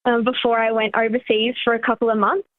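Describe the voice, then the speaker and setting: A friendly woman calls in to a comedy podcast and chats through her story. Her voice sits a little high. She comes through a tinny phone line with a dry sound. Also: flat delivery, quick pace, dry recording. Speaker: caller. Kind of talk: phone call to a radio show.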